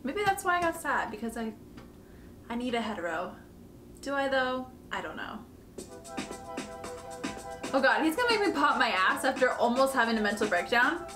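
A woman's voice: fairly high pitch, big pitch swings, moderate pace, long pauses, echoey room. A woman hosting a music reaction, chatting casually, swearing freely and laughing often. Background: faint music playing.

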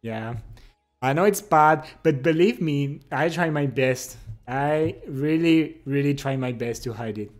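French-accented man, slow playful stream chat. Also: a little high, soft background music. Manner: laughs often, playful and teasing, speaks English with pauses and restarts. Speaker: live streamer. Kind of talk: casual chat, reading out viewer comments. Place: home streaming setup.

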